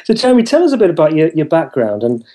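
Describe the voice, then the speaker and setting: A male podcast host with a mellow, warm voice, asking his guest friendly questions. He pauses and restarts a lot and fills the gaps with "uh" and "you know." He is encouraging and easygoing throughout. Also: a little high, huge pitch swings. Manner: friendly, encouraging, hesitant fillers. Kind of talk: interview.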